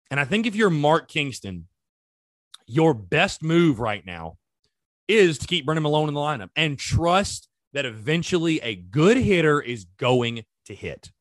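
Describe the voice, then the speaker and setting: A man hosts a solo sports podcast in a loose, animated, conversational way, talking straight to his listeners. His voice sits a bit high and swings widely up and down as he talks. The recording is dry and close, with no room sound. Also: dry recording. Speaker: podcast host.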